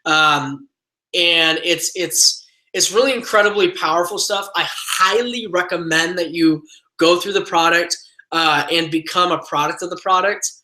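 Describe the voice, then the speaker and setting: A man's voice: on the high side, unhurried, rough recording. A man leading a live online team training, coaching energetically with lots of ums and uhs. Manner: energetic motivational coaching, many fillers.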